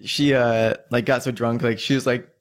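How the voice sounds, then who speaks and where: A man's voice: medium pitch, level tone, normal speed. A young man telling a long drinking story in casual chat, rambling, swearing and laughing as he goes.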